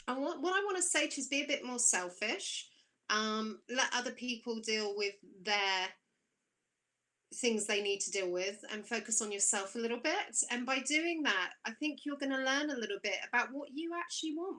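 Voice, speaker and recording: Encouraging woman with a bright voice. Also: a little high. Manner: encouraging and emphatic, repeats key phrases. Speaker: intuitive coach, co-host. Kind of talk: live-streamed spiritual coaching.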